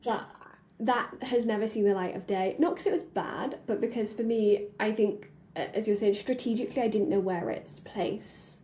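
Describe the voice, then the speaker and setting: A woman's voice: mid-range voice, normal speed, warm tone. A woman hosting a webinar interview, chatty and encouraging, sharing her own anecdotes between questions. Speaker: webinar host. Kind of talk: casual interview chat. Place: video call webinar.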